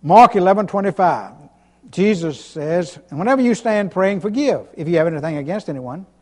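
High-voiced preacher man in an echoey hall. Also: lively intonation, brisk, a little mellow. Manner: emphatic preaching, repeats and restarts, chuckles. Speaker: pastor. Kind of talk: sermon. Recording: long hall reverb.

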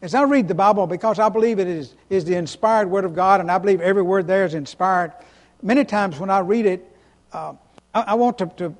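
In a big-room sound, a man whose voice sits high preaches as a pastor. His delivery is emphatic: he hits single words hard, repeats himself, and asks the congregation to call back answers.

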